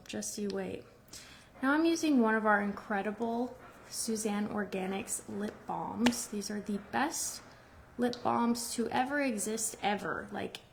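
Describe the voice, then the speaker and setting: A woman's voice: mid-range voice, gravelly, a little hiss or hum. A woman hosting a casual makeup tutorial, chatting through each step in a rambling way and restarting her phrases. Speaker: beauty brand host demonstrating makeup.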